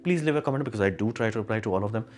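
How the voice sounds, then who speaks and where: A man with a fairly low voice rants through a commentary monologue. He talks with a sarcastic edge and slips into quick impressions of the people he talks about. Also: darkish tone. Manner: ranting, sarcastic, acts out quoted people. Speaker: tech commentary host. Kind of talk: opinionated monologue.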